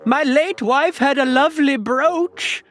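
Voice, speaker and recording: A woman's voice: high voice, slow pace, soft background music. A woman voicing a rambling, long-winded old male halfling father in a tabletop game. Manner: doddering, long-winded storytelling.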